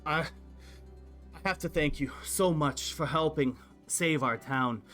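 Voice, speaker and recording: A man's voice: fairly high pitch, unhurried, a bit bright, soft background music. A man doing a worried bird-folk townsman.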